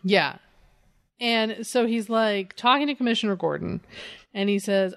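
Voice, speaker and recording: A woman's voice: mid-range voice, unhurried, vocal fry. A woman co-hosting a casual comedy podcast, animatedly retelling a comic story, swearing and laughing often. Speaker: podcast co-host.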